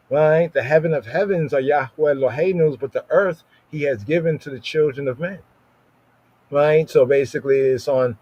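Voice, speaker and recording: A man's voice: fairly high pitch, lo-fi sound. Man teaching scripture, "right?" after every phrase. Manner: tags nearly every phrase with "right?", reads Hebrew verses slowly. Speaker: podcast Bible teacher. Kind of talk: informal Bible study teaching.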